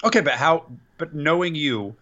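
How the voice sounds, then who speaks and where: A man in casual conversation with a bright, forward tone. His pitch swings widely as he jumps in to push back or add his take. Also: expressive, normal speed, dull audio. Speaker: podcast co-host. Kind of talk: casual chat.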